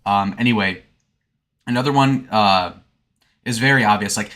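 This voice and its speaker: Fields: Sex: man. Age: 20s. Tone: bright, forceful. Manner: provocative. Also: on the low side, moderate pace, long pauses. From Michigan. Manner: provocative, sarcastic, meandering. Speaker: streamer. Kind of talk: casual rambling monologue.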